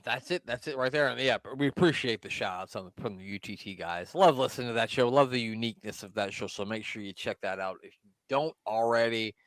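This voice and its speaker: Man co-host, loose swearing banter, mid-pitched voice, dry close mic. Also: fast, a bit bright, no room sound. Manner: loose, swears freely, trails off mid-thought. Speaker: podcast co-host. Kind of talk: casual chat.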